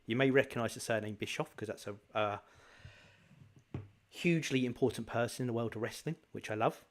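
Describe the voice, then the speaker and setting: A man's voice: mid-range voice, a little fast. A man co-hosting a podcast, encouraging and steering the talk in casual chat. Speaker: podcast co-host.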